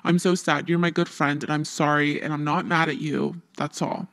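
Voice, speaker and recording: A contrite young woman pleading for forgiveness in a low, subdued voice, her apologies coming in short, broken phrases, as a woman acts her out in a retold story. The tone sits noticeably lower than an ordinary chatty voice. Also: fairly even intonation, normal speed, fairly bright tone, dry recording. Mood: sorrowful.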